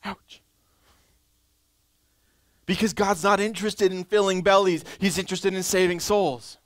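A young male pastor preaching a sermon, reading scripture slowly and acting out pleading churchgoers in a higher voice. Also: steady tone, dry recording. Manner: reads scripture slowly, then acts out pleading churchgoers in a high voice.

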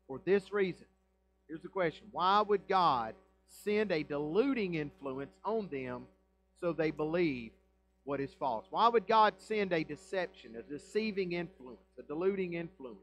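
A man, a pastor preaching a sermon in a church with emphatic rhetorical questions and swings between loud and quiet. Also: a little high, animated, a little slow, muffled recording. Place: church sanctuary.

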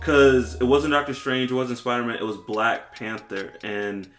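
Bright-voiced man in casual podcast chat. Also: normal speed, faint music behind. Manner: animated, acts out quotes in a high voice, laughs often. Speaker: podcast co-host.

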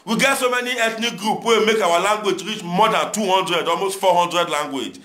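Young Nigerian man, Pidgin accent, bright tone, exhortative monologue. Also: sits high, normal speed, reverberant. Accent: Nigerian Pidgin English. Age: young adult. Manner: preachy, exhorting, repetitive rhetoric. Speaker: commentator addressing viewers. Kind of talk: impassioned monologue.

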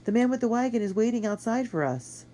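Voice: mid-range voice, expressive, fast, warm tone, pitched above the performer's own voice, close to an everyday voice. A narrator voicing an earnest young boy who is brave and anxious, speaking urgently.

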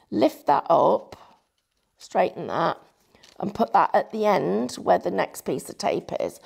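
A woman's voice: medium pitch, creaky, slightly rough. A woman giving a live crafting demonstration, chatty and self-deprecating, thinking aloud as she works.

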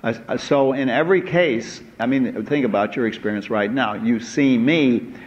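Man lecturing with many hesitations. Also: medium pitch. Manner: unhurried, full of "uh" hesitations and asides. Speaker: university lecturer. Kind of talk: university lecture. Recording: dull lo-fi lecture recording with faint noise.

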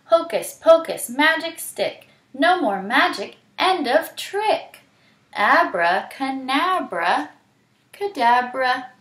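A woman's voice: high voice, sing-song, slow, fairly bright tone, reverberant, pitched above the performer's own voice, full character voice. A woman voicing a smug, laid-back male hyena in a storybook reading, breezy and unbothered. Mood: chanting.

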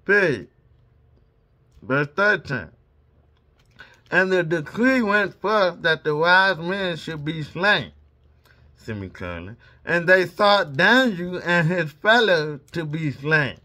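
A man reads scripture aloud at an unhurried pace, saying each comma and period out loud. His voice sits a little high and bright, and it rises and falls widely. Between verses he slips into casual, chatty asides. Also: expressive. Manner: reads punctuation marks aloud. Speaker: Bible reader. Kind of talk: reading scripture aloud with commentary.

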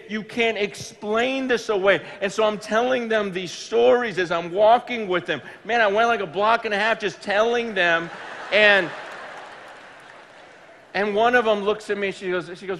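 Male preacher with a high voice, telling a story from the pulpit, animated and emphatic. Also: normal speed, big-room sound, some chatter behind, slight background noise. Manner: animated, emphatic, with bursts of loud excitement. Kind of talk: storytelling sermon. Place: large room with an audience.

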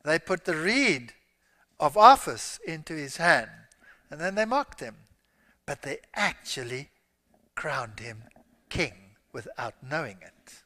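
Emphatic male preacher in a hall. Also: sits high. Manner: emphatic scripture reading, rising to loud exclamations. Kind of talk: sermon. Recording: long hall reverb.

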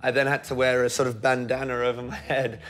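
Young English man, quick recounting, to-camera interview, faint music. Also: medium pitch, level tone, a bit bright. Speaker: YouTuber recounting prank.

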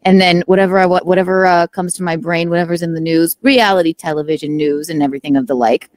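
Young woman, low-pitched, dry close sound, careful enunciation, chatty. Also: steady tone, fast, darkish tone, dry recording. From South Carolina, USA. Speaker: streamer, guest. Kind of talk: casual chat.

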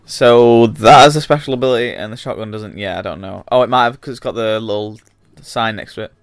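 A man's voice: fairly low pitch, brisk, clean tone, dry recording. A young British man giving let's-play commentary, chatty and talking back to the game characters. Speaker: gamer.

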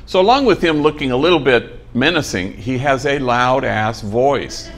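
A man's voice: mid-range voice, lively intonation, moderate pace, slight background noise. A man, a priest, giving an inspirational talk to program trainees, telling a story with folksy dry humor and bits of Spanish slang. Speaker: priest leading a program for former gang members. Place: the program's own building, addressing trainees.

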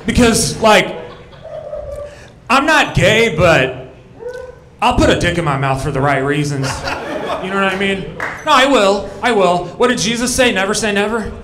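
A man's voice: sits high, animated, unhurried, pauses often, fairly bright tone. A young man doing a crude, rambling stand-up set on a comedy club stage, talking to the crowd.

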